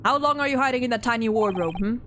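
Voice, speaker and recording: Stern male interrogator voiced by a woman, threatening, fast lines, faint hiss behind. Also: fairly high pitch, natural voice. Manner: cold, accusing, reads fast.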